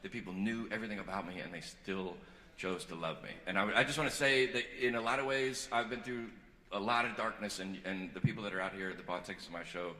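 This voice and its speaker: A man doing a stand-up comedy set on stage, rambling and self-deprecating, swinging from earnest confession to loud joking. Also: on the low side, fairly even intonation, quick pace. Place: large theater on stage. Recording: echoey live hall recording with crowd noise.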